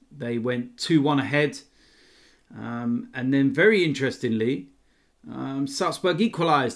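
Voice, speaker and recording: A man hosting his football fan channel, giving a casual news roundup in a chatty way with frequent ums. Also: mid-range voice.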